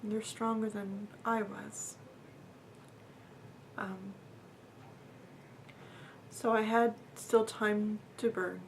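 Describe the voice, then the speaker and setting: Telling a personal story earnestly, a woman speaks casually and haltingly, with fillers, repeats and occasional dips to a near whisper. Her voice is mid-range with a flat delivery, and a little hiss or hum can be heard.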